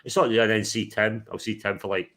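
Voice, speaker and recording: Chatty lower-voiced British man livestreaming. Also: steady tone, fast talker, crowd noise. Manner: chatty, laughing, reads out chat comments. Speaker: livestream host. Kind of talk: casual livestream chat.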